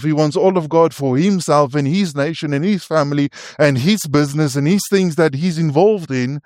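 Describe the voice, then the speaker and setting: A man's voice: a little high, darkish tone, no echo, clean studio sound. A man preaching a sermon. He is earnest and often stumbles and restarts his phrases, and he turns to his listeners with asides.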